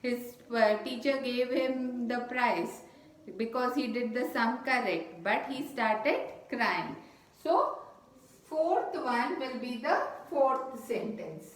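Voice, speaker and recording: A woman's voice: on the high side, animated, reverberant. A woman teacher, going over a children's worksheet step by step and repeating herself as she explains. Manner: slow, repetitive, explaining step by step. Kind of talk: online lesson for children.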